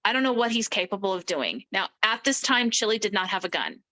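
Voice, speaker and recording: A woman's voice: medium pitch, big pitch swings, brisk, bright, forceful tone, low-quality recording. A middle-aged woman, an interview guest, recounting a personal story emphatically and acting out the people she quotes.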